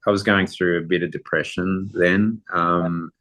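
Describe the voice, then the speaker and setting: A middle-aged man, a photographer being interviewed, telling rambling, relaxed anecdotes in a casual conversation. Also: deep voice, unhurried. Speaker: guest photographer.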